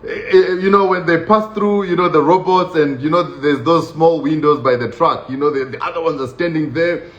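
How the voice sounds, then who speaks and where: A man casually recounting a personal story in a lively, laughing way, acting out what others said, with many fillers. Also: on the high side, moderate pace. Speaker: vlogger recounting his prison experience. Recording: dull, roomy recording with faint noise.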